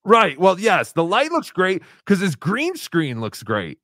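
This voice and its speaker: A man hosting a casual livestream podcast, talking excitedly, swearing and laughing often as he tells a story. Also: high-pitched, unhurried, no echo, clean studio sound. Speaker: podcast host.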